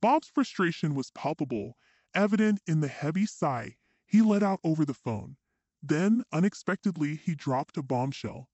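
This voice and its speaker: A man's voice: on the high side, lively intonation, normal speed, warm tone, dry recording, lo-fi sound. A man reading a dramatic first-person story in an emotional storytelling manner.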